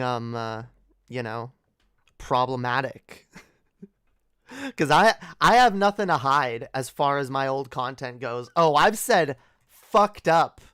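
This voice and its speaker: A woman's voice: very deep voice, dry recording, studio quality. A young woman hosting a late-night livestream, talking casually in a sarcastic, profane rant and laughing often. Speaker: livestream host.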